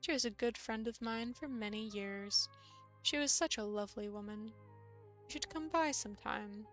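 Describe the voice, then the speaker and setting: A woman's voice: on the high side, faint music behind. A woman playing a gracious, knowing older lady. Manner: gentle, polite, unhurried.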